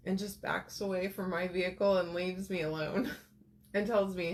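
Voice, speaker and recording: A woman's voice: medium pitch, a little slow. Woman in her thirties, casual crafting chat, rambling storyteller, many fillers. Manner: chatty, storytelling with lots of fillers. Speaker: crafter vlogger.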